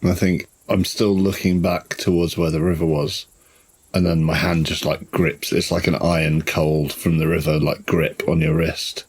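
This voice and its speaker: Man, tabletop player, describes actions, deep voice, husky. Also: level tone, normal speed. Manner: describes his character's actions, laughs easily. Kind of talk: narrating a character in a tabletop game.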